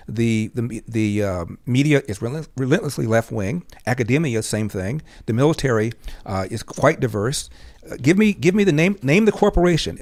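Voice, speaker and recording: A man's voice: mid-range voice, gravelly, dry recording. An older man on a podcast, telling a personal story as a guest and acting out the lines of the people in it. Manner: animated storyteller who acts out quoted dialogue.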